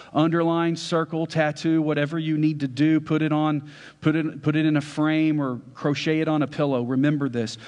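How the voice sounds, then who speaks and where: In church hall reverb, a male pastor delivers a sermon in a conversational way, frequently tossing in "right?" to check on his listeners. His voice sits on the high side, a little mellow, with little pitch movement and a moderate pace.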